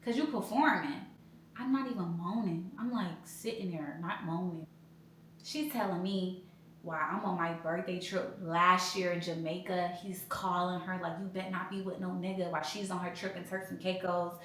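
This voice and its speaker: A young woman, casually telling her own breakup story as a podcast host, blunt and profane, jumping into high loud voices when she quotes others. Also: steady tone, normal speed. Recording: very echoey room, faint background noise.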